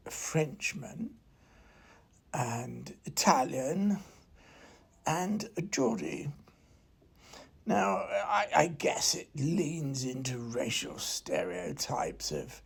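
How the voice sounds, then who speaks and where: Slow, gravelly, husky English man. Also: medium pitch. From England. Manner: meandering, stammering, hesitant, half-whispered. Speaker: comedian. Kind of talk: rambling comic monologue. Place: at home at night.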